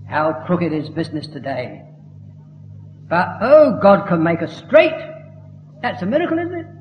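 Man, preaching, emphatic and fervent, fairly high voice, echoey hall, dull lo-fi recording. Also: very animated, measured pace, faint music behind. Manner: emphatic, rising to fervent declamation. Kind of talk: sermon.

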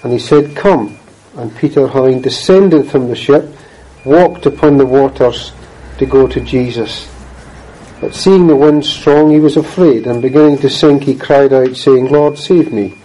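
A man reading scripture aloud and then preaching, in a measured, earnest way, often clearing his throat. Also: mid-range voice, mellow, poor audio.

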